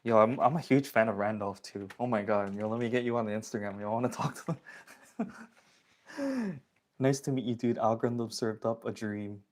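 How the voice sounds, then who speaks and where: A man's voice: mid-range voice, lively intonation, moderate pace. A young man from the area, chatting casually with viewers on a phone livestream, slangy and reading chat comments aloud. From Toronto area, Canada.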